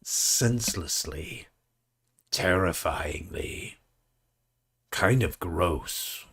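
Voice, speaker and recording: A man voicing a mock nature-documentary narrator, speaking slowly and solemnly with dramatic pauses. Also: deep voice, lively intonation, gravelly, fairly bright tone, breathy edge, voice pushed down, heavily acted. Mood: grave.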